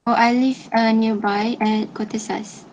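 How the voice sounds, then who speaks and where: A woman playing a young working mother of a sick baby, giving halting answers full of pauses and fillers. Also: a little high, level tone, a little mellow, muffled recording, slight background noise. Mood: hesitant. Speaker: student playing a mother in a mock history-taking.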